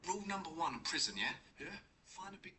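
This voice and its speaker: A boastful British prison inmate holds forth on jail life, as a man puts him on. The voice is bright and animated, with a lively pitch that bounces around. Faint background noise sits behind it. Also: brisk, exaggerated voice. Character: gruff British prison inmate from a meme clip.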